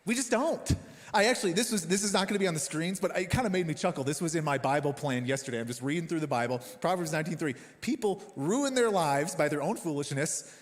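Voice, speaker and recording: Animated pastor preaching in a reverberant hall. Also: male voice, fairly high pitch, fast. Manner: animated, self-deprecating storytelling. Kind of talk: sermon with personal story. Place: church auditorium.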